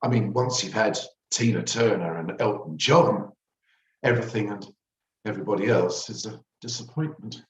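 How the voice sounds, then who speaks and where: Wry man reading his memoir aloud. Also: lowish voice. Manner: wry, theatrical storytelling. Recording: roomy, distant mic.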